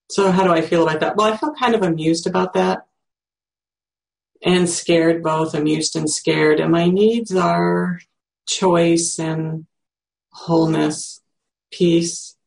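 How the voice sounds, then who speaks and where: A sixty-year-old teacher speaks in a creaky voice of middling pitch. The talk is slow and reflective, with pauses, as they think aloud and search for words. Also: fairly even intonation. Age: 60s. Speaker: teacher demonstrating self-empathy. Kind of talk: reflective spoken demonstration.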